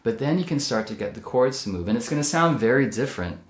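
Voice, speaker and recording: A man's voice: medium pitch, animated, fast. Man teaching ukulele in a roomy space. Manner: patient, explains step by step while playing. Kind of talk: instructional demonstration. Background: ukulele playing.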